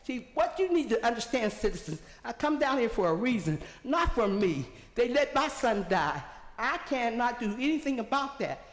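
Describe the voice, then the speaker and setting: Rambling older woman in an echoey hall. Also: medium pitch. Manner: rambling, emphatic storytelling. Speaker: public commenter. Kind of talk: public comment at a council meeting. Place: large echoey council chamber. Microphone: podium microphone.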